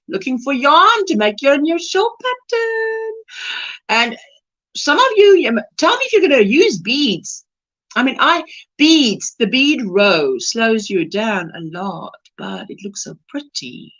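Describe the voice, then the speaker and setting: A woman's voice: high-pitched, fairly bright tone, highs cut off. A South African woman hosting a crochet livestream, chatting casually and reading out and greeting viewers' comments by name.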